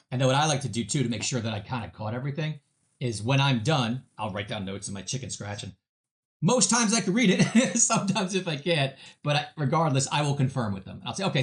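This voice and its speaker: A sales trainer chats in a casual interview, animatedly recounting stories and voicing customers, with frequent fillers and restarts. His mid-range voice moves a little fast.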